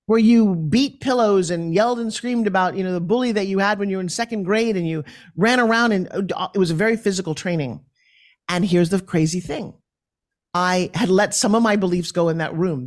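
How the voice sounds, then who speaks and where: A woman from New York, a podcast guest, telling her story in an animated and forthright way. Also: on the low side.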